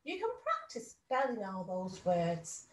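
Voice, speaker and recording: Woman teacher doing phonics for little kids, slow and bouncy, echoey room. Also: medium pitch, wildly swooping pitch. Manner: slow, clear, sing-song teacher voice. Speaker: reception class teacher. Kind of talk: phonics lesson for young children.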